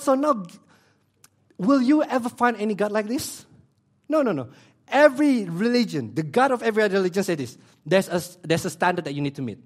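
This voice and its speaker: Man preaching with sweeping loud-to-hushed swings. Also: high voice. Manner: emphatic repetition, non-native grammar slips. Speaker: pastor. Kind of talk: sermon.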